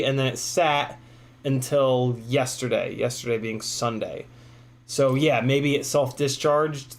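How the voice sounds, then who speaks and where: A man hosting a casual live stream, rambling with many fillers, reading chat messages aloud, a bit hoarse from talking. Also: mid-range voice. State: losing his voice. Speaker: livestream host.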